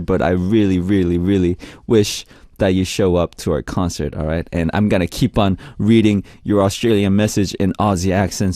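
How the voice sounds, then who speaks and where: A man's voice: on the low side, a little mellow, no echo, clean studio sound. A man hosting a radio music show in an upbeat, friendly way, reading out listener messages. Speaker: radio DJ host. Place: radio studio.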